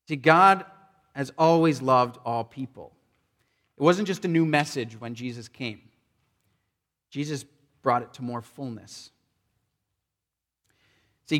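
A man preaching a sermon, retelling a scripture story with animated emphasis and acted-out voices. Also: a little high, big-room sound. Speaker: pastor.

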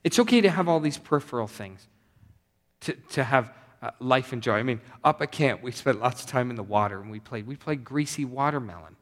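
A male pastor preaching a sermon in a conversational, animated way, repeating his phrases. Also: medium pitch, brisk. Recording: long hall reverb.

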